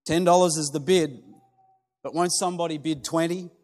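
A man voicing a persistent male auctioneer who keeps calling for bids in a measured, insistent way. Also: on the high side, fairly even intonation, close to an everyday voice. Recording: long hall reverb with soft music.

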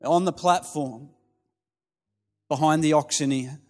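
A man telling a parable in a sermon, in a slow, dramatic storytelling way. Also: fairly high pitch. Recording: long hall reverb with soft music.

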